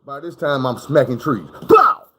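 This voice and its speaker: Speaking at a normal speed in a fairly high, animated, slightly bright voice, a man recounts a personal story indoors at home. He's casual, vivid and profane, imitating crashes and other sounds as he goes.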